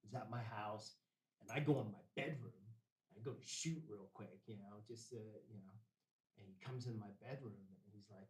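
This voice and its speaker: A man's voice: on the low side, moderate pace, darkish tone. A man, a podcast guest, telling a story in a casual, rambling, profane way with streetwise slang. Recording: roomy, distant mic.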